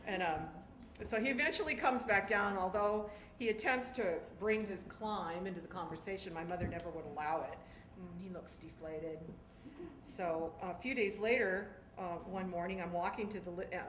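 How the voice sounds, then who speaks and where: A middle-aged woman from Southern California performing a one-woman stage monologue, animated and acting out voices. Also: on the low side, moderate pace. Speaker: storyteller performer. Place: theatre stage. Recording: echoey theatre with background noise.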